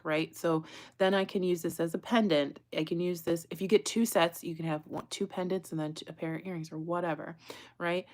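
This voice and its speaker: A woman's voice: fairly low pitch, a little mellow. A woman hosting a jewelry-making livestream, chatting casually and laughing often, sometimes dropping to a whisper while she works. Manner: chatty, laughs often, reads viewer comments aloud; drops to a whisper while working. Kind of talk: casual live chat while crafting.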